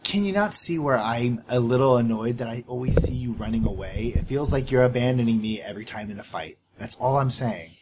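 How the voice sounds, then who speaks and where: A man's voice: mid-range voice, background noise, natural voice. A man playing an earnest young fighter. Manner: heartfelt, halting confession. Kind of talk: in-character tabletop role-play.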